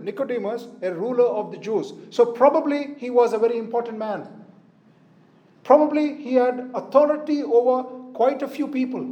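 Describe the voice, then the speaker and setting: High-voiced preacher man, mellow tone. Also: roomy sound. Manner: asks "isn't it?" tag questions often; reads scripture aloud in a slow, measured way. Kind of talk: sermon with Bible reading.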